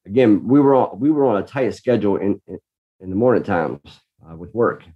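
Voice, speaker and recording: A man's voice: lowish voice, brisk, slightly rough. Man sharing a heartfelt parenting story, muffled lo-fi audio. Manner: earnest storyteller, reenacts his own shouting. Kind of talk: casual conversation.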